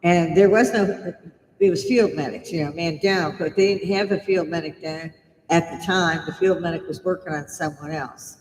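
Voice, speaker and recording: Speaking at a normal pace, this American woman in her seventies has a lowish, slightly mellow voice as she chats and laughs through stories on a live stream. A faint hiss or hum runs under the recording, which was made in a room with long, echoing reverb.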